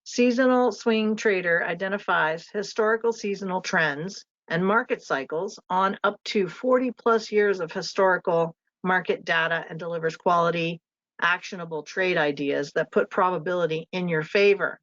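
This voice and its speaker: A woman's voice: fairly low pitch, moderate pace, fairly bright tone, dry recording. A woman hosting a live trading webinar, reading out disclaimers and speaker introductions in a chatty way with small asides. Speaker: webinar host. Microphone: video call. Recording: muffled lo-fi web call audio.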